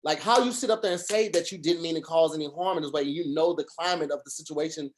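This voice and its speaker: A man's voice: on the high side, fast. A man co-hosting a casual podcast chat over a video call, talking earnestly in long rambling runs with restarts and fillers. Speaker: podcast co-host.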